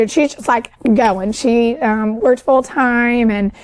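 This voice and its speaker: A woman with a high-pitched voice tells her story as a podcast guest. She is talkative, and her sentences spill out with lots of "like" and "um.". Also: slow. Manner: talkative, with many fillers like "like" and "um"; describes herself as an overachiever and people pleaser who is always talking. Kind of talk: emotional personal storytelling.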